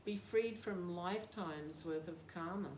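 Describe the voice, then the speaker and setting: A woman's voice: on the low side, unhurried, darkish tone. An older woman with an Australian accent, telling a story with laughter and self-deprecating humor in a casual interview. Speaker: interviewee, devotee. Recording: roomy with background noise.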